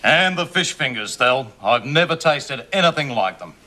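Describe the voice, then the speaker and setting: An actor playing a brash, boastful husband who teases and mocks in loud banter in a sitcom. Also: male voice, mid-range voice, animated, normal speed, natural voice. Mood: teasing. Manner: loud, teasing, jokey banter. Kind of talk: sitcom acting. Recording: hiss on old TV audio.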